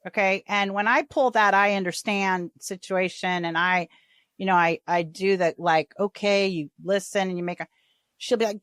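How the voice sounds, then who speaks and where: A woman hosting a podcast, with a middle-pitched voice. She talks in a chatty, animated way and acts out the voices she quotes. The sound is dry and close. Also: moderate pace, no echo. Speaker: podcast host. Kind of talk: casual interview chat.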